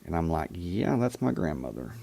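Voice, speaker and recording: A man hosting a call-in talk show, telling a personal story in a reflective, halting way. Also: deep voice, very animated, vocal fry, warm tone. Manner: reflective, halting, with frequent restarts. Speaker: radio call-in show host.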